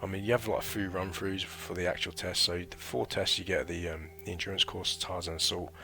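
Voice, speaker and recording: A man's voice: low-pitched, little pitch movement, a little fast, creaky, bright, forceful tone, slight background noise. A man in his thirties telling a chatty, rambling story about his military training in a casual vlog. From United Kingdom. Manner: rambling and chatty, full of fillers and slang. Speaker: former recruit recounting training.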